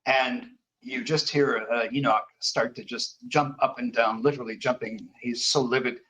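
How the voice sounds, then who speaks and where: A man narrating as game master for a horror tabletop game, halting with fillers. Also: mid-range voice, slightly rough, poor audio. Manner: halting, many fillers, lively.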